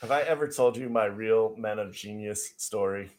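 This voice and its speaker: A man's voice: fairly low pitch, normal speed. A man co-hosting a podcast, chatting casually and telling a funny story with easy laughs. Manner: animated storyteller who laughs easily and says "dude". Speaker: podcast co-host.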